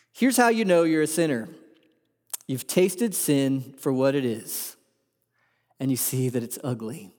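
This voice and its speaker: High-voiced preacher in a reverberant hall. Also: male voice, a little mellow. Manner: earnest preaching, rising to emphatic peaks, rhetorical questions. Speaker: pastor. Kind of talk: sermon.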